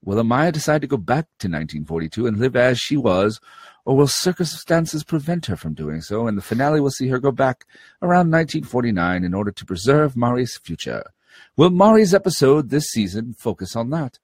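A man with a husky, slightly breathy voice that swoops up and down as he jokes through a casual podcast chat. He reads listener mail in an animated way, recorded close and dry. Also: mid-range voice, fairly quick, no echo. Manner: jokey, laughing banter. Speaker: podcast co-host.

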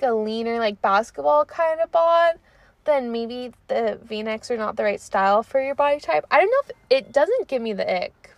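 A woman's voice: high voice, no echo. Chatty young woman podcast host. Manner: chatty, animated, lots of likes and trailing off. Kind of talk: casual chat.

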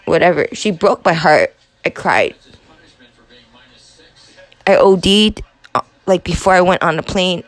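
A young woman in her twenties hosts a podcast, telling a personal story in a halting, profane confessional monologue. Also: on the low side, lively intonation, no room sound. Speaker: podcast host.

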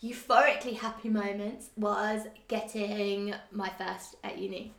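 A woman's voice: medium pitch, a little slow, gravelly. A young woman in her twenties, chatting casually as a guest, bubbly and laughing as she tells stories. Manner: bubbly, laughing, animated storytelling. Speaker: guest, clothing designer. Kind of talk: casual chat. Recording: echoey room.

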